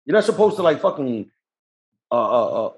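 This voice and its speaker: A man's voice: mid-range voice, sing-song, moderate pace. A young man co-hosting a podcast in casual chat, blunt and swearing freely as he tells work stories. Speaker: podcast co-host.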